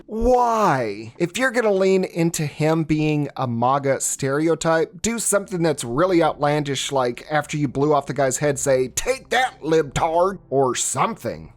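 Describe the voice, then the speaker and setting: A man's voice: on the high side, lively intonation, unhurried, few pauses. A man giving sarcastic, mocking commentary as a movie reviewer. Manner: snarky, mocking.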